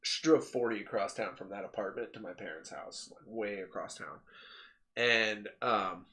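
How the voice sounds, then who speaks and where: A man co-hosting a podcast in casual chat, telling animated stories, laughing often and mimicking the people in them. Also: on the low side, normal speed. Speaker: podcast co-host.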